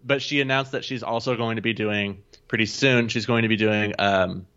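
A man's voice: lowish voice, steady tone, a bit bright, dull audio. Chatty man co-hosting a podcast. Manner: quick, chatty, swears casually. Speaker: podcast co-host. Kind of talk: casual chat.

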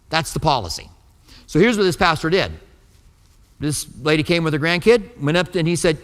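A man's voice: a little high, brisk, fairly bright tone. A man preaching a sermon as pastor, telling stories in a conversational way and acting out the dialogue. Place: church sanctuary. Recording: long hall reverb.

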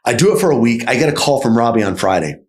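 The founder of a sales company shares his story on a podcast in rapid-fire bursts, his voice sitting in the mid range. His delivery is casual and lively, punctuated by frequent "right?" check-ins.

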